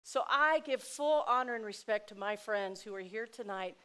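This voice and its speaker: A middle-aged woman giving a heartfelt personal speech to an audience, swinging between loud exclamations and soft asides. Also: mid-range voice, expressive, moderate pace, clean tone. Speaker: speaker at a dinner event.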